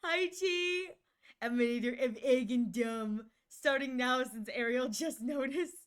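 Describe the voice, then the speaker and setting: A woman's voice: sits high, measured pace, a little hiss or hum. A sick woman streamer chatting casually and playfully, reading her chat aloud.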